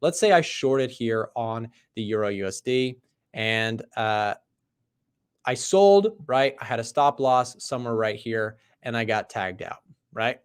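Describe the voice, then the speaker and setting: At a measured pace and in a clean, mid-range voice, a man runs a live trading stream, chatting about charts as market commentary. He keeps asking "right?" and gets animated and emphatic, with loud bursts.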